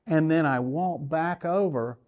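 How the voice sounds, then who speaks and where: A man's voice: on the high side, a little slow, darkish tone. A man, an archery coach, telling a tournament story and coaching the listener, acting out his own inner voice as he goes.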